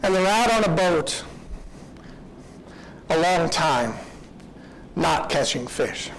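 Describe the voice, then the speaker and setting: A man's voice: fairly high pitch, animated, slow pace, gravelly, crowd noise, rough recording. A man preaching a sermon, retelling a story in an earnest, reflective way.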